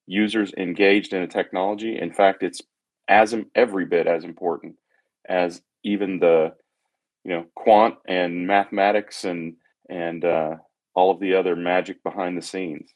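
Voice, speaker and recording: Man, co-host, very low voice, relaxed, dry joking asides. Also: normal speed. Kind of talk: casual livestream chat.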